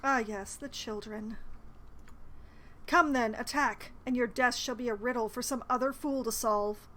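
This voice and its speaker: A sly old gnome man who has murdered before, menacing and polite in the same breath, as a woman reads his lines aloud. He is a figure from a fantasy game, and his voice sits a touch high. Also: unhurried, a bit bright.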